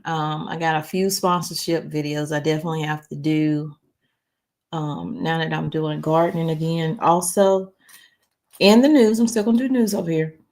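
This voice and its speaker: Woman host, rambling livestream chat, lowish voice, lots of ums. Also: fairly even intonation, moderate pace, a little mellow. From North Carolina. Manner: rambling, chatty, many "um"s and restarts. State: struggles to read, reads slowly. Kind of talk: casual livestream chat, reading viewer comments.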